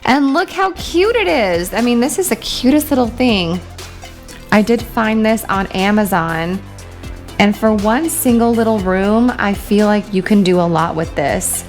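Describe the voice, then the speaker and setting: A woman's voice: mid-range voice, lively intonation, unhurried, faint music behind. A woman hosting a toy crafting video, chatting casually and gushing over small details. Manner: gushing, enthusiastic. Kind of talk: casual toy review chat.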